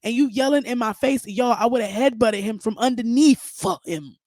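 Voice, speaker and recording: A woman hosting a podcast, giving outspoken, animated, profane commentary. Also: fairly high pitch, normal speed. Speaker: podcast host. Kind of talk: casual commentary.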